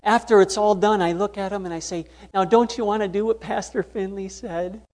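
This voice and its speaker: A man's voice: sits high, steady tone, fairly quick, darkish tone, pitched above the performer's own voice. A man voicing an eager, cheerful man who explains things plainly and repeats himself as he demonstrates. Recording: long hall reverb.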